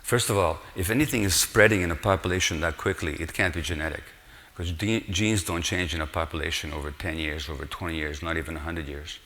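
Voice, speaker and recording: A man's voice: sits low, brisk, sharp tone. An older man giving an earnest conference lecture in a large hall, explaining and posing rhetorical questions to the audience. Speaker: conference speaker, physician. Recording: long hall reverb.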